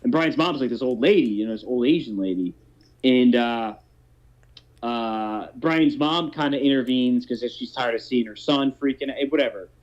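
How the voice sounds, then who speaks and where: A man's voice: mid-range voice, moderate pace, a little mellow. A man in his thirties telling a long story in casual chat, rambling and swearing, with many restarts. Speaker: podcast host telling a story. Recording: dull lo-fi podcast audio.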